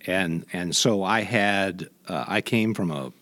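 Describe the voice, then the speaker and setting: Very deep-voiced man, halting storyteller. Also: a bit bright. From Indiana. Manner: halting, with many restarts and fillers. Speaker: guest, voice imitator. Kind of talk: reflective conversational storytelling.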